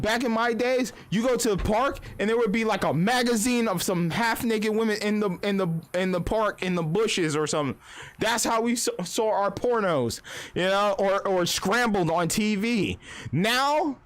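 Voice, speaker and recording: A man's voice: high-pitched, measured pace. A young adult man streamer in a casual live-stream rant, profane and rambling, often slipping into quoted voices.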